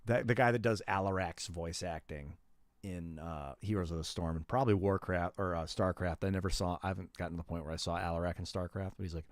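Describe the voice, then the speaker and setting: A man's voice: sits low, steady tone, fast, no echo. A man in his thirties chatting casually on a gaming livestream, rambling and slangy as he talks to viewers. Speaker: gaming streamer.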